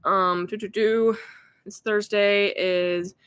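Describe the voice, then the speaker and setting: A woman's voice: medium pitch, steady tone, takes it slowly, fairly bright tone, smooth. A woman hosting a casual livestream, giggly and chatty as she banters with her ventriloquist puppet.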